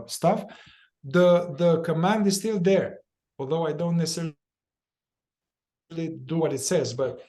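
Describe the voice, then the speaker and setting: A man's voice: on the high side, mellow. A man leading a guided somatic therapy group, talking informally, repeating phrases and sometimes swearing. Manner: informal and repetitive, acts out inner voices with quick chanted phrases and swearing.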